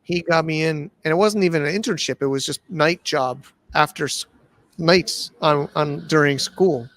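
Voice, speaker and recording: A man from the United States in his forties, telling stories from his own life. He rambles and restarts as he goes, and his voice sits slightly on the high side. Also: moderate pace, fairly bright tone, no room sound. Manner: rambling, with restarts and acted-out quotes. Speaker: guest. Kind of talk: casual storytelling interview.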